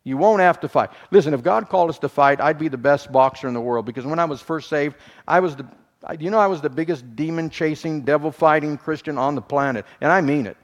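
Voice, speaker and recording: Animated preacher with a slightly high voice. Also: male voice. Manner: dynamic preaching, swings from soft to loud and fast; humorous asides. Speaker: pastor. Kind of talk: sermon.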